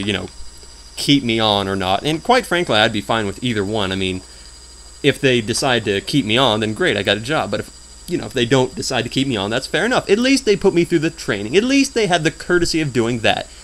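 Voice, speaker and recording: A man's voice: medium pitch, a bit bright, a little hiss or hum. A young man rambling through casual, self-mocking commentary while he plays a game. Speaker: let's play host.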